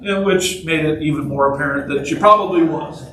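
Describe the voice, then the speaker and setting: A pastor's voice, on the high side and fairly quick, carries across an echoey church sanctuary from a distance, over a noisy background. He preaches casually and jokes around, telling stories and asking people in the pews questions.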